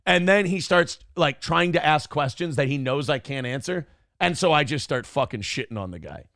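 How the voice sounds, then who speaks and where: A man's voice: fairly high pitch, expressive, moderate pace, vocal fry, a bit bright, dry recording, clean studio sound. A man hosting a morning talk show, telling stories in a brash, profane, boastful way. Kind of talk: casual talk show rant.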